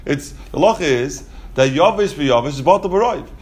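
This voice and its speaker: A man explaining Talmud in a casual class, rapid and full of restarts and asides. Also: fairly high pitch, lively intonation, a little mellow. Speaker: Talmud teacher.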